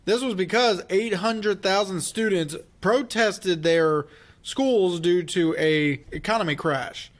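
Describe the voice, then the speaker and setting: A man with a fairly high voice walks through a film's story in casual podcast chat. He explains step by step, with a few fillers and restarts. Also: slow pace. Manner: explanatory, recapping plot with fillers. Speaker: film review podcast co-host. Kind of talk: casual movie discussion.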